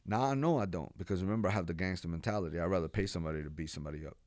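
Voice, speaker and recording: Man, 40s, from New York, pastor, very low voice, animated slangy storytelling, podcast guest. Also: rapid-fire, no echo, clean studio sound. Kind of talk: personal testimony in a podcast interview.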